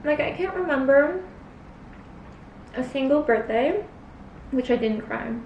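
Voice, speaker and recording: A young woman with a high, unhurried voice rambles through a casual eating chat, full of filler words. She sounds set back from the mic in a roomy space. A faint hiss sits under her voice. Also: animated, distant mic, lo-fi sound. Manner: rambling, filler-heavy, chatty, talks between bites. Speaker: cosplay vlogger.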